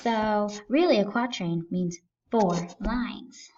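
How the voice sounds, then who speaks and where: A woman's voice: mid-range voice, takes it slowly, a little mellow, lo-fi sound. A woman teaching a recorded lesson, explaining things step by step in a patient way.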